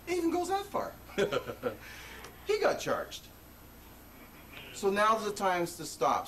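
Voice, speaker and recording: Guy giving a fired-up talk, kinda high voice, mic far off, old 80s tape hiss. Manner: emphatic, conversational storytelling with sudden rises in voice. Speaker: presenter at a public talk. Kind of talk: impassioned public talk. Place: presentation venue before an audience. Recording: distant mic with faint noise, 1980s video.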